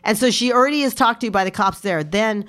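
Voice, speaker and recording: A woman guest on a podcast, telling a story in casual chat, animated and swearing. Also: medium pitch, quick pace. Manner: animated, swearing, shouting in retold quotes.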